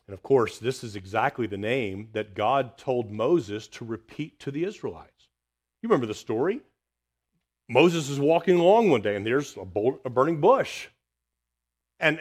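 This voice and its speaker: A man preaching a sermon, reading scripture aloud and dropping quiet and low for the words of God. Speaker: pastor.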